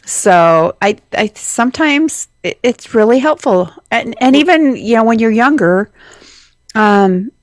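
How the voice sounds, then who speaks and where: A woman's voice: a little high, expressive, unhurried, no echo. A middle-aged woman co-hosting morning radio, chatting and reading lists conversationally in a studio. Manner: conversational, reads lists, trails off. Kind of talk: casual radio chat. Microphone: studio mic.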